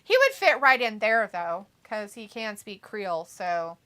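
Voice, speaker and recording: A woman's voice: mid-range voice, very animated, unhurried, a bit bright. A woman co-hosting a casual livestream, reading chat messages aloud and laughing often. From United States. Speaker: co-host reading live chat.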